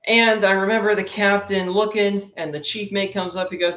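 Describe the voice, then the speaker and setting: Young male comic, slightly high voice, chatty and rambling, roomy echo. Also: steady tone, moderate pace, hardly any pauses, bright, forceful tone. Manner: chatty, rambling storyteller with lots of fillers. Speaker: stand-up comedian. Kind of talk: joke-telling sea stories. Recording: echoey room.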